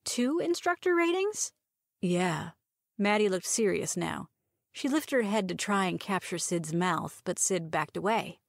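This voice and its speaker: A woman's voice: on the low side, normal speed, vocal fry, no room sound. Woman narrating a romance story, dry sound. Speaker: audiobook reader.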